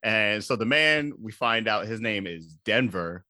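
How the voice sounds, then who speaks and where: A man casually recapping a movie for a comedy podcast, animated and laughing, with sudden high-pitched outbursts. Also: measured pace, no echo, studio quality.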